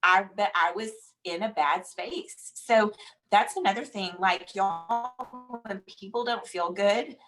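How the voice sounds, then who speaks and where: A woman in her thirties with a Southern drawl, telling an animated, chatty motivational story as a guest speaker. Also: mid-range voice, takes it slowly, soft background music, poor audio. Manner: animated, chatty, says "y'all" and "like" often.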